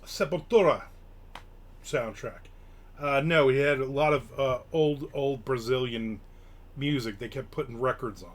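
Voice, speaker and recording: A middle-aged man hosting a live stream, rambling casually with lots of fillers and sudden bursts of excitement. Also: mid-range voice, a little slow. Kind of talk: casual chat, reading and answering chat.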